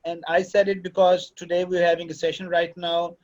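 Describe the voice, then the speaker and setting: Man, high voice, paternal lecturer, classroom, muffled lo-fi sound. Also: flat delivery, a little fast, a little mellow. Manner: fatherly, lecturing, switches into Urdu. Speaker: course director and lecturer. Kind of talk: classroom talk to students.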